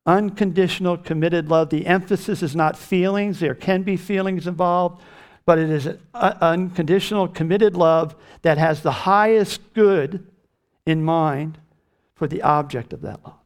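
Guy preaching a sermon, kinda high voice, slow and emphatic on the big words. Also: clean tone. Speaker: pastor.

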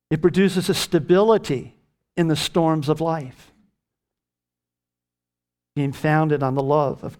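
A man delivering a sermon at a measured pace, stressing key words by rising in pitch and volume. His voice sits a little higher than most men's. The delivery is steady and emphatic. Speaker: pastor.

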